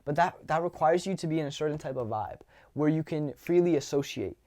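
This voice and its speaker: An animated young man with a slightly higher voice coaches on dating in a loose, casual monologue. He swears freely and jumps into quick acted-out lines from his own talks with strangers.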